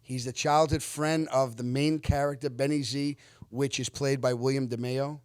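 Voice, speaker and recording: A man in his fifties, an actor guest on an interview show, telling stories in an animated, earnest way. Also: medium pitch, moderate pace, clear, resonant tone, dry recording, clean studio sound. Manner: animated, lively retelling with acted-out quotes; earnest, reflective when giving life lessons. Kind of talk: casual storytelling interview.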